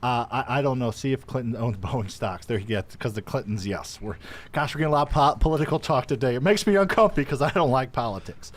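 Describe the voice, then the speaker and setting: A man's voice: mid-range voice, fast talker. Joking, rambling male show host. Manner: joking, rambling with many fillers. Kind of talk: live show casual chat.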